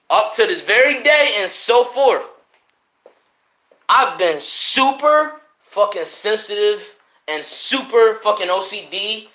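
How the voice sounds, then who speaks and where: A young man from Connecticut ranting profanely to his live chat in a loose, animated way, jumping between loud outbursts and low mutters. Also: echoey room. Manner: profane, animated, swings between shouting and mumbling. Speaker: livestreamer. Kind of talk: unfiltered casual rant to live chat. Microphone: streaming mic.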